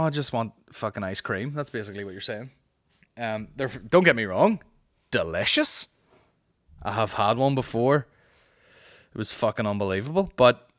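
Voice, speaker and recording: Fielding listener questions on his laid-back podcast, a Northern Irish man rambles, swears, and tosses off quick mocking impressions. His voice is on the low side with a fairly bright tone, captured in a dry, studio-quality recording.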